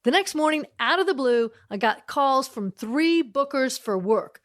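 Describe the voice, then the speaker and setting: A woman's voice: high voice, lively intonation, unhurried. A middle-aged woman comedian telling a personal story in a chatty way, laughing between lines.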